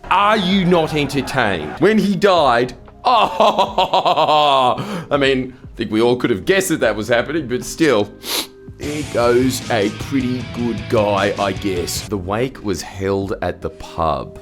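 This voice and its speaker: A man with an Australian accent hosts the video, reading out stories and reacting with sarcastic jokes, sometimes jumping into loud squeaky outbursts. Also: measured pace, soft background music.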